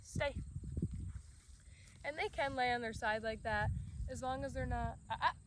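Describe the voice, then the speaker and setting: A woman's voice: on the high side, a little fast. Woman dog trainer outdoors, crickets behind. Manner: relaxed explaining, interrupted by commands to a dog. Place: outdoors in a grassy yard. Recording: outdoor recording with crickets and background noise.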